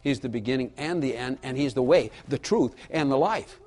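A man's voice: medium pitch, moderate pace, a little mellow. A man preaching a sermon in a folksy way, repeating his key lines for emphasis and asking the audience questions. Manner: folksy storytelling with asides to the audience.

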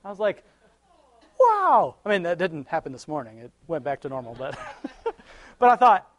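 Man, lay preacher, higher pitch, dry close sound, casual devotional talk, homely stories, frequent chuckles. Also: sing-song, a little fast, dry recording. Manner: conversational, chuckles often, homely anecdotes.

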